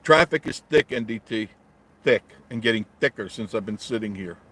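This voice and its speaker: A man's voice: lowish voice, expressive, normal speed, a bit bright, slightly rough. A middle-aged man from New York, chatting live from inside his car in traffic, answering viewer comments in a blunt, joking way. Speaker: travel vlogger reading live chat. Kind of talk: casual live-stream chat from a parked car.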